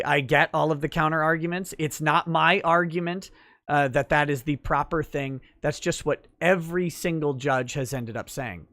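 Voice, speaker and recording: A man's voice: fairly high pitch, fairly bright tone, no echo. A man hosting a livestream, explaining legal matters in a casual, thinking-aloud way with fillers. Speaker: livestream talk show host and lawyer.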